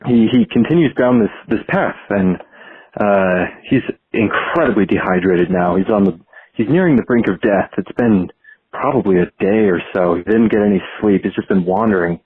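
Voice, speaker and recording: A man leaving a voicemail, telling an improvised story in a halting, stumbling way. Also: fairly low pitch, breathy edge, no echo. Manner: halting, many restarts. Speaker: caller. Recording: tinny dry phone voicemail.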